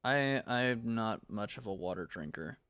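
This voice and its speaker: A man's voice: lowish voice, lively intonation, measured pace, a bit bright, no echo. A young man from the United States chatting casually on a game-dev livestream, rambling and laid-back, full of slang. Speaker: game developer streaming.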